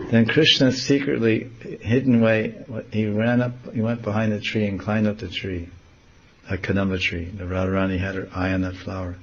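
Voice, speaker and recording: A man, a swami, giving a devotional lecture, telling a story softly and acting out the scenes. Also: on the low side, normal speed, a little hiss or hum. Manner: soft-spoken, animated storyteller acting out scenes. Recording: slightly muffled lo-fi recording.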